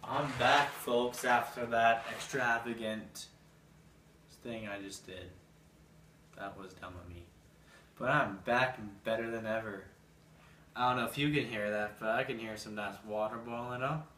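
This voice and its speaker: A man's voice: fairly low pitch, normal speed, pushed and bright. Goofy young man hosting a cooking show. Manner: goofy, rambling, playful. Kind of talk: casual home cooking show. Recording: echoey room with background noise.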